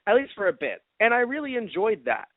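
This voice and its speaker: A man's voice: sits high, huge pitch swings, brisk, slight background noise. A man co-hosting a casual fan review podcast, talking animatedly, acting out reactions and laughing often. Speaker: podcast co-host. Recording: dry, phone-like lo-fi sound.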